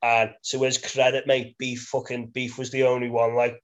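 A man's voice: medium pitch, completely flat delivery, moderate pace, lo-fi sound. A man from Birkenhead with a Merseyside accent, telling rambling, sweary stories in casual chat and laughing mid-sentence. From Birkenhead, England.

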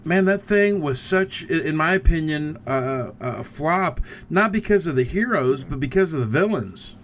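A man in casual podcast chat, halting and repeating words as he talks. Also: fairly high pitch, lively intonation, a little hiss or hum.

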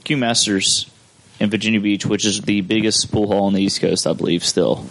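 Laid-back, low-voiced guy telling a story. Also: steady tone, normal speed, gravelly, a bit bright, a little hiss or hum, poor audio. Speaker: podcast host. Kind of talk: casual storytelling chat.

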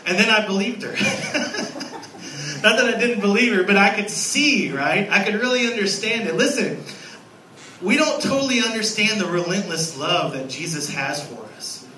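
A man in his thirties preaching a sermon as a guest pastor, lively and storytelling, acting out little scenes. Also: sits high, moderate pace, echoey room, distant mic, slight background noise, low-quality recording. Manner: animated, acts out scenes with a raised voice. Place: church sanctuary.

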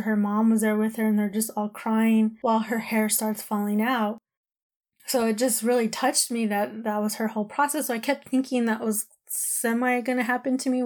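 A woman's voice: a little high, a little mellow. A woman in her thirties telling a personal story in a candid, emotional, rambling way, full of "like" and "you know".

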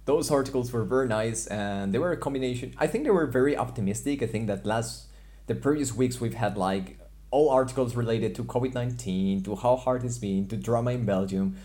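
A man co-hosting a student radio show, chatting in an upbeat, relaxed way. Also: medium pitch, a little fast. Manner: upbeat, relaxed, laughs easily. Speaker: radio co-host. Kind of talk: casual radio banter.

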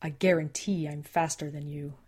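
A woman voicing a gruff, grumpy female wolf shapeshifter in an audiobook, blunt and threatening. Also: low voice, steady tone, moderate pace, a little mellow.

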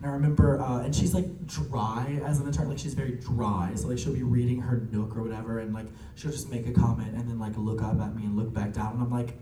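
A man's voice: medium pitch, flat delivery, dark tone, recorded from a distance, a little hiss or hum. A young man telling family stories in a casual, chatty way, laughing often and acting out quotes. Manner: chatty, laughing, full of likes and quick quoted asides. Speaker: drag performer. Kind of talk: casual storytelling. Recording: roomy echo from off-mic, faint ambience.

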